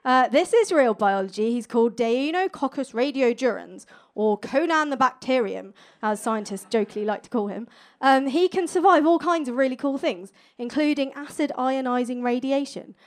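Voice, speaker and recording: A young woman with a high voice works a live crowd in a stand-up set. She is cheeky and playful, quick to land a joke. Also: expressive. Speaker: stand-up science comedian. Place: stage before a live audience.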